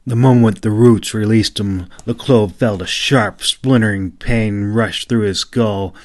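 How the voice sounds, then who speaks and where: A man narrates his own fantasy novel in an unhurried, measured way. His voice sits on the low side. The recording is close and dry, with no room sound. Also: fairly even intonation, no room sound. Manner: slow, measured reading. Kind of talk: audiobook narration.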